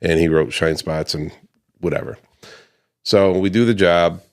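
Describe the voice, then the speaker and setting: An American man with a low-pitched voice speaks unhurriedly to camera about a dispute with a client of his paver restoration business. Conversational in style, he voices the customers he quotes and often says um or starts over.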